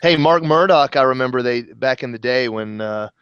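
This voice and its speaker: A man's voice: medium pitch, normal speed, fairly bright tone, clean tone, dry recording. A man co-hosting a podcast in casual chat, easygoing and jokey, chiming in with laughs. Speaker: podcast co-host. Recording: muffled, dull podcast audio.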